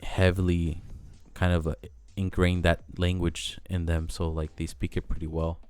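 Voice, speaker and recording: A man's voice: sits low, level tone, normal speed, darkish tone, clean tone, no room sound, soft background music. A young man with a Mexican American accent, rambling casually in a vlog, interrupting himself and swearing now and then. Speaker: vlogger.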